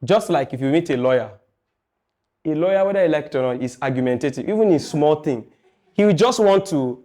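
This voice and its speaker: A fairly high-voiced man leads a music class in a classroom. He talks in a chatty, joking way and keeps asking the students questions as he explains. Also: animated, fairly quick, dark tone. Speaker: music teacher. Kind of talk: classroom lecture.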